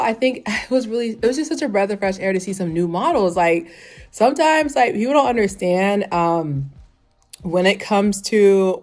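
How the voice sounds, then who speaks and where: Woman, 30s, lower-pitched voice, casual rambling reviewer. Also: a little mellow. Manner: rambling, full of "like", laughs often. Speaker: fashion show reviewer.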